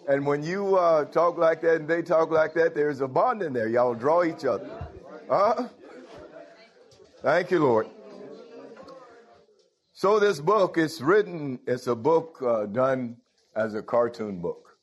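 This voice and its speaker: A man's voice: on the high side, expressive, takes it slowly, pauses often, dull audio. A man preaching a sermon, breaking in with "Hallelujah" and "Thank you, Lord" and putting questions straight to his congregation. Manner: calls out to the congregation directly.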